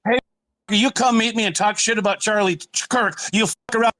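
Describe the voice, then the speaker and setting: Belligerent high-voiced male caller. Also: steady tone, normal speed, sharp tone. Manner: taunting, belligerent. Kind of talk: hostile call-in argument.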